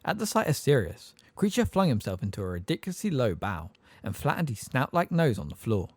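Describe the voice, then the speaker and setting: Man, audiobook narrator, expressive, lively intonation, dry recording. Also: mid-range voice, a little fast, no room sound. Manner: expressive storytelling. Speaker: audiobook reader.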